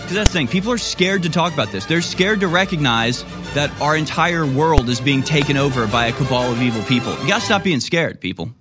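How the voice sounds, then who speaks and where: A man's voice: a little high, lively intonation, fairly quick, few pauses, music in the background. A man hosting a talk radio show, rambling in a casual monologue and now and then acting out other people.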